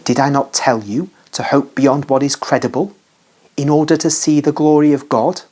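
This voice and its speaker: A reader doing Jesus, a calm consoling master. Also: medium pitch, moderate pace, lightly acted. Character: gentle, calm male spiritual master.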